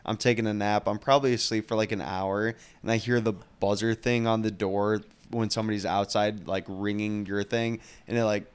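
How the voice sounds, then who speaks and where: A young man co-hosting a podcast, telling a story in a casual, animated way, swearing and laughing as he goes. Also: on the low side, normal speed, hardly any pauses, clean tone. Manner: animated, profane, laughs through stories. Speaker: podcast co-host.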